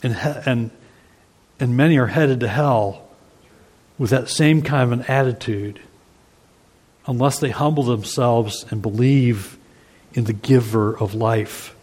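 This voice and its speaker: A man's voice: mid-range voice, measured pace, pauses often, darkish tone, breathy edge. A man preaching an expository sermon, earnest and emphatic, reading scripture aloud and explaining it to the congregation. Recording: long hall reverb.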